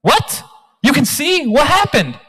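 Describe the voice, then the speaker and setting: A man's voice: high-pitched, lively intonation, measured pace, pitched above the performer's own voice. A man voicing an arrogant tyrant king who thinks he is god, with incredulous, demanding outbursts. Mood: shocked. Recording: long hall reverb.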